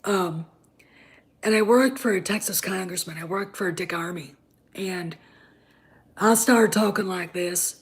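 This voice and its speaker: Rambling fifty-something woman, low-pitched. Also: a little slow, long pauses. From Wisconsin, US. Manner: rambling, many fillers and restarts. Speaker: livestream host. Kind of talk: casual livestream chat.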